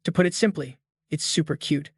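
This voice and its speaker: A man voicing a calm, blunt young man who gives compliments in a matter-of-fact way. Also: a little high, a little fast, breathy edge, no echo, studio quality.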